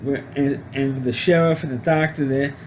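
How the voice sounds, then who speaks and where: A man giving a casual spoken movie review, rambling and halting with frequent restarts. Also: medium pitch, steady tone, a little mellow, a little hiss or hum. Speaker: film reviewer.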